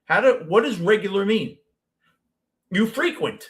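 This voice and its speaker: A man's voice: high voice, expressive, a little slow. A man with a Brooklyn accent who hosts a show, chatting casually with a caller and telling long, rambling stories with many restarts. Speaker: host.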